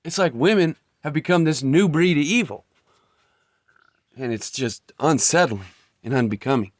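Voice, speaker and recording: A man's voice: fairly high pitch, animated, moderate pace, no room sound. Blunt, heated man ranting, dry sound. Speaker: vlogger. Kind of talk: ranting monologue.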